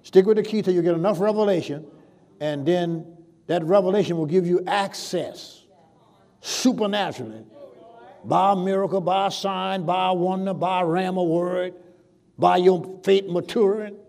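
Preaching man with rising loud swells. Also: high-pitched, creaky. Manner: preacherly, drawn-out emphasis on scripture with sudden loud swells. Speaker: pastor. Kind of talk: sermon.

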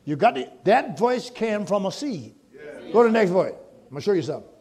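A man preaching with a high-pitched voice. He calls on the congregation for answers and climbs into shouted peaks. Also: big pitch swings, fairly quick. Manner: call-and-response preaching, rising to shouts. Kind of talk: sermon.

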